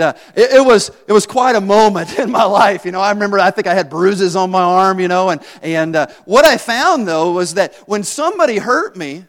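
A pastor telling a story in a sermon, animated, moving between quiet asides and loud bursts. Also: male voice, sits high. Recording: long hall reverb.

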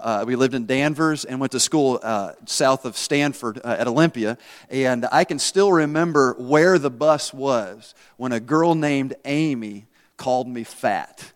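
Man preaching a chatty sermon, echoing hall. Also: medium pitch. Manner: conversational, asks the congregation questions, self-deprecating humor. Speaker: pastor. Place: church. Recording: long reverb in a church hall.

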